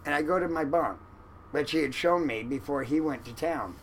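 A man telling a long story in an interview about his time as a fishing boat cook, animated and acting out the lines of others. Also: a little high, normal speed, a little hiss or hum, rough recording. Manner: animated, acts out quoted lines loudly.

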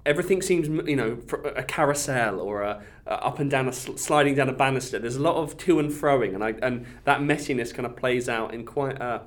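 A podcast co-host muses hesitantly about a film in casual talk, his phrases trailing off amid plenty of fillers. His medium-pitched male voice moves briskly, with barely a pause.

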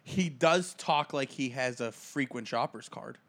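A man's voice: mid-range voice, measured pace, gravelly, fairly bright tone. A man co-hosting a casual comedy podcast, joking and riffing between his anecdotes. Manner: jokey, riffs into silly bits. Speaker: podcast co-host.

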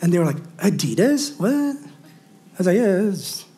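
A man preaching a sermon as a pastor, calling out to his congregation, mixing humor and asides, and rising to near-shouting on his declarations. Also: sits high, sing-song, a little slow. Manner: preaching with call-and-response asides and wry humor.

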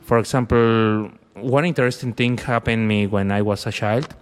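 A man's voice: lowish voice, fairly even intonation, clear, resonant tone, long reverb tail. Man telling a personal story. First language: Spanish. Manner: halting, searching for words in a second language.

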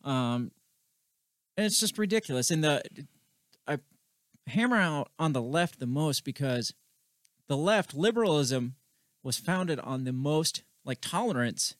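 Animated man in casual podcast chat. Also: on the high side, a little slow, pauses often, no echo, clean studio sound. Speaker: podcast co-host.

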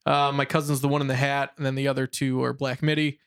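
A young man, chatting casually on a show and telling animated stories about his weekend, acting out his friends' voices. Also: mid-range voice, quick pace, smooth. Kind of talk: casual chat.

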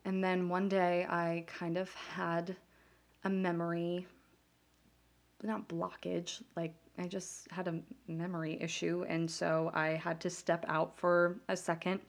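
A woman's voice: fairly low pitch, flat delivery, slow. A woman in her twenties, a podcast host, telling a personal story candidly, often restarting sentences and laughing at herself.

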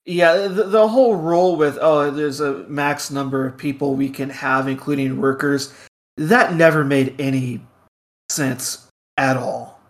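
Slow-talking man co-hosting a podcast. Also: a little high, fairly even intonation. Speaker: podcast co-host. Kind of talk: casual chat.

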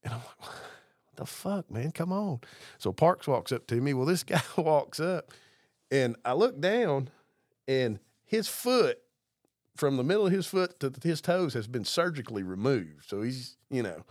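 A man's voice: medium pitch, expressive, normal speed, no echo, studio quality. A male podcast co-host and police officer, telling profane stories in casual chat and laughing at his own punchlines. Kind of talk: casual storytelling over drinks.

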